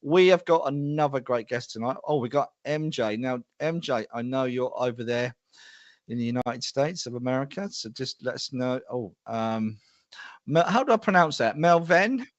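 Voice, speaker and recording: A man's voice: medium pitch, lively intonation, moderate pace, no room sound, muffled recording. A middle-aged man hosting a live show, chatty and self-deprecating as he greets viewers by name. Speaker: host.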